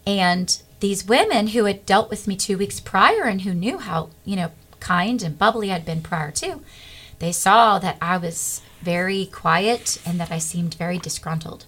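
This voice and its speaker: A middle-aged woman, a guest, telling a personal faith testimony in an earnest, animated way. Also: mid-range voice, a little slow.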